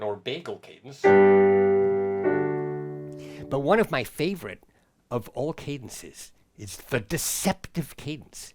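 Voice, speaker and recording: A man teaching a playful children's music lesson at his keyboard at home, with exaggerated rising and falling inflection. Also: mid-range voice.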